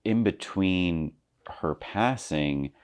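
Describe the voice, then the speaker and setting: A podcast host asking gentle questions and giving many soft backchannel responses. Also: deep voice, lively intonation, extremely slow, smooth. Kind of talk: casual interview chat.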